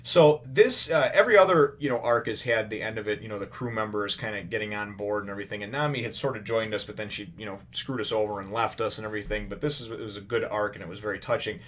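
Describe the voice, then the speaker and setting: A man's voice: lowish voice, fast talker, few pauses, fairly bright tone, a little hiss or hum. A man casually retelling a comic chapter in a review, rambling with lots of "you know" fillers. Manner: retells the story animatedly. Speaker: manga reviewer.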